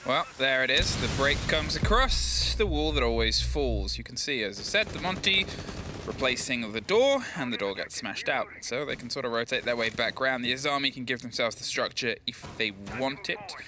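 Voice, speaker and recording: A young man giving analytical esports color commentary, measured, often restarting his sentences. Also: medium pitch, lively intonation, noisy background.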